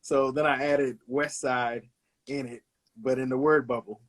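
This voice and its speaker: A man's voice: mid-range voice, steady tone, a little slow. Brooklyn guy in his 50s, easygoing, lots of uh's, telling old stories in an interview. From Brooklyn, New York. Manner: laid-back, anecdotal, hesitates with "uh", laughs along. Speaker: guest, illustrator. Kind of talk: casual storytelling interview.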